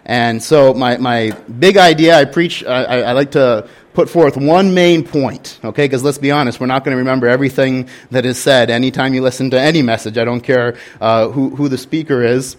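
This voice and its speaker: A man's voice: mid-range voice, moderate pace, hardly any pauses. A young man, a pastor, preaching a sermon and telling a candid story in an earnest way.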